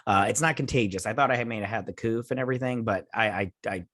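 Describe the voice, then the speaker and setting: A man's voice: on the low side, quick pace, fairly bright tone, dry recording, studio quality. A man hosting his own channel, reviewing a TV episode in a rambling, scatterbrained casual chat. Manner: rambling, scatterbrained, many restarts.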